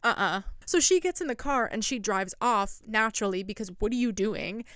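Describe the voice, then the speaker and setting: A woman's voice: a little high, lively intonation, fairly quick, fairly bright tone, no echo, clean studio sound. A young woman recapping a reality show in casual, sarcastic commentary. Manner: chatty and sarcastic, quotes people in mock voices. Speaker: recap vlogger.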